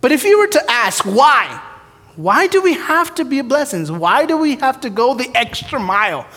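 A man's voice: very high voice, very animated, moderate pace, bright, forceful tone. A man preaching a storytelling sermon, who acts out his prayers and the dialogue in his stories. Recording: long hall reverb.

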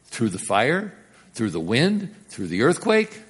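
Animated preacher, loud to hushed. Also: male voice, medium pitch, measured pace, slightly rough. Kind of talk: sermon.

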